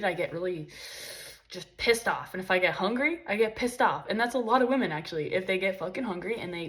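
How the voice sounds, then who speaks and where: A young woman talking in a casual, rambling vlog monologue, frank and profane with lots of fillers. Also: medium pitch. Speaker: spiritual vlogger.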